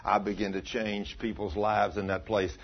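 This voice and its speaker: A man preaching a sermon, telling stories in a folksy, animated way and rising to loud emphatic peaks. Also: on the low side, normal speed, creaky. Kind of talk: sermon with storytelling. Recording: dull lo-fi recording.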